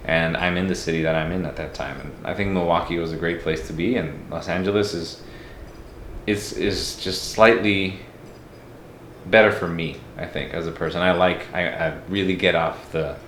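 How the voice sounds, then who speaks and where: A man's voice: sits low, steady tone, moderate pace, fairly bright tone, echoey room, a little hiss or hum. A man from Mexico talking as a podcast guest, reflective and candid in a casual interview.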